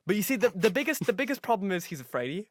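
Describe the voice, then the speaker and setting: A man's voice: sits high, big pitch swings, rapid-fire, dry recording, clean studio sound. A young man from Ireland with a light Irish accent, co-hosting a casual podcast and joking around. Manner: jokey, breaks into loud comic voices. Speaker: podcast co-host.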